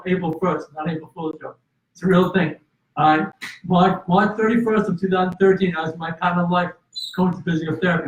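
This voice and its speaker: A man telling a personal story in an interview, earnest, with restarts and fillers. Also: high-pitched. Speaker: guest. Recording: roomy, distant and slightly dull.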